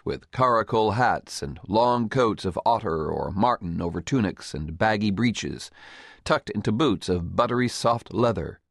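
Low-voiced male audiobook narrator. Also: gravelly, no echo, studio quality. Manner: measured and expressive, voices each character.

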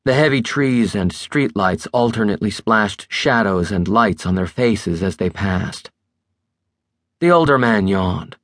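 A male audiobook narrator reading a thriller in a steady, measured way. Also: on the low side, no room sound, studio quality. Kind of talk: scripted narration.

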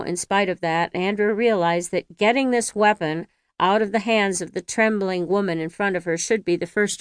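A woman author narrating her own audiobook in a measured, even storytelling manner. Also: medium pitch, smooth, no echo, clean studio sound.

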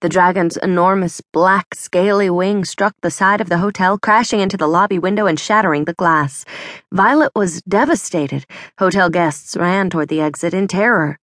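Woman narrating a story, low and dry. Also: moderate pace, fairly bright tone, no room sound. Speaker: audiobook narrator. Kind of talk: scripted narration.

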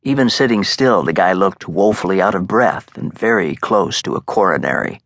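A man reading a thriller audiobook in a measured, suspenseful narration. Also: deep voice, lively intonation, a bit bright, dry recording. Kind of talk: scripted narration. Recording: dry, close studio sound.

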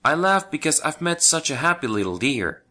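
A man's voice: on the high side, big pitch swings, normal speed, sharp tone, heavily acted. A man voicing a frightened young boy captured by a witch, in a children's storybook. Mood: plaintive.

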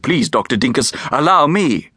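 A man voicing a small, shy and courteous museum keeper who talks in a polite, eager and quick manner for an audiobook. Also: mid-range voice, animated, sharp tone, breathy edge, dry recording, studio quality. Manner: polite, eager, rapid and fussy. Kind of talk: audiobook character voice.

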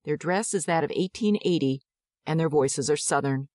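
A woman narrating a dramatized audiobook in a measured, descriptive way. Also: sits low, a little mellow, no room sound, clean studio sound.

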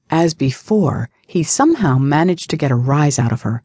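A woman narrating an audiobook in a steady, even tone. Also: very deep voice, measured pace, hardly any pauses, breathy edge, no room sound, studio quality. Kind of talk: scripted narration.

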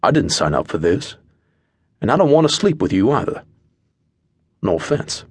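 A man's voice: lowish voice, very animated, normal speed, slightly rough, no room sound, clean studio sound. A man doing a grumpy, sarcastic sidekick.

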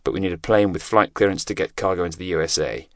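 A man voicing a cool, flat-voiced teen agent. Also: low-pitched, fast, dry recording, studio quality, close to an everyday voice. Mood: coldly firm. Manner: flat, controlled, quietly menacing. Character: teenage boy undercover agent, cool and firm.

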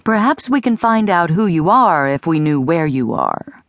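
A woman narrator voicing a prim, measured middle-aged woman who guides a past-life regression in an audiobook. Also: fairly low pitch, very animated, no echo, voice pushed down. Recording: dry studio audiobook recording.

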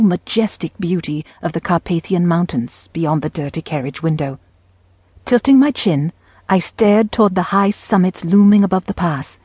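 A woman narrating an audiobook in the first person with measured, even storytelling. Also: fairly low pitch, slightly rough, no echo.

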